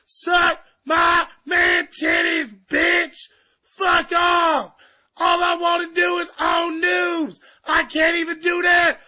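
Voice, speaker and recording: A man voicing a loud, furious overweight gamer who calls himself a reverend, in a profane comic rant. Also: very high-pitched. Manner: ranting, profane, comic outrage. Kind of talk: comedic rant sketch. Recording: muffled lo-fi podcast recording.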